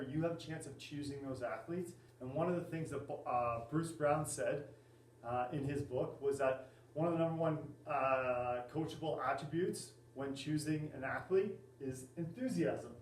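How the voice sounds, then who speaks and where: A man, a volleyball coach, giving a class presentation in a halting way with many fillers and restarts. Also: fairly high pitch, darkish tone. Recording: echoey room, mic at a distance.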